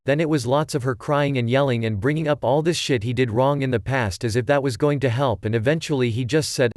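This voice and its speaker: A man's voice: mid-range voice, fairly quick, few pauses, a little mellow, dry recording. Man reading Reddit stories, dry sound. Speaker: narrator. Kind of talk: reading Reddit posts aloud.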